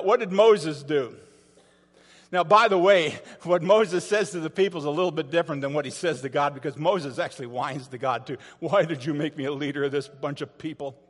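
A man's voice: sits high, long reverb tail. A man preaching a sermon as pastor, telling a story dramatically and asking his listeners rhetorical questions.

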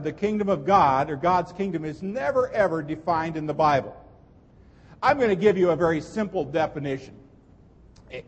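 Pastor, male, high husky voice, earnest emphatic sermon delivery, long church reverb. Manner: earnest, emphatic preaching with repeated phrases. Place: church sanctuary.

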